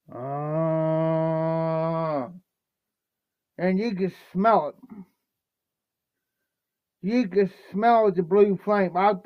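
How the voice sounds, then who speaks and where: A man from Ohio livestreams from home on his phone, mixing drinks while telling a rambling, repetitive, folksy story and repeatedly saying "no joke." His voice is high, and the recording is dry and dull.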